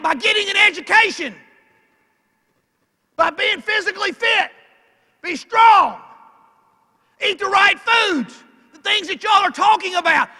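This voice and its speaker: An older man with an Arkansas Southern accent delivers a motivational banquet speech in a folksy, emphatic way, hammering his points home. His voice sits very high and sounds sharp and forceful. He speaks into a PA microphone, and his voice rings through a large banquet hall with a long reverb tail. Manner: emphatic, calling out lines loudly, folksy. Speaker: keynote speaker.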